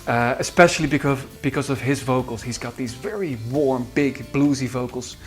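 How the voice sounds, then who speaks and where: In an interview reminiscence set against faint guitar music, a Dutch-accented composer from the Netherlands talks about his singers. He speaks at a moderate pace in a medium-pitched voice, hesitating frequently with many fillers and restarts.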